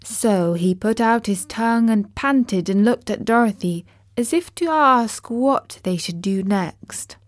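A woman reading a children's storybook aloud in a measured, gentle way. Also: on the high side, expressive, no echo, clean studio sound. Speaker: narrator.

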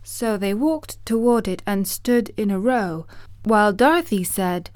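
A woman reading a children's story aloud in a calm, even way. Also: mid-range voice, unhurried, no echo, studio quality. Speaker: narrator.

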